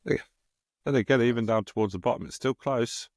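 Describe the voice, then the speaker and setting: A man's voice: mid-range voice, no echo, clean studio sound. A man co-hosting a casual darts podcast, reading match results steadily and chatting with his co-hosts. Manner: steady, unhurried, reads names out slowly. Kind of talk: casual chat.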